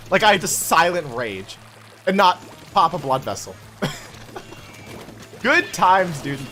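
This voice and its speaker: Young male streamer, bright tense voice, lively pitch, faint game music behind. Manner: animated, chatty, talks to chat. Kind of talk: casual live-stream chat while gaming.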